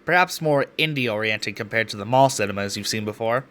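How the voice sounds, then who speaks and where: A man's voice: on the low side, fairly quick, a bit bright. A man reading a visual novel aloud as a let's play host, breaking off for casual, self-deprecating asides with free swearing.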